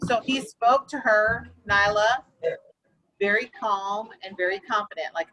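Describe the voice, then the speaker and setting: A woman teaching young children in a classroom, patiently asking questions and slowly explaining vocabulary. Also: mid-range voice, bright, forceful tone, slight background noise, rough recording. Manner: patient, questioning, slow and encouraging. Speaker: elementary school teacher. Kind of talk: classroom lesson.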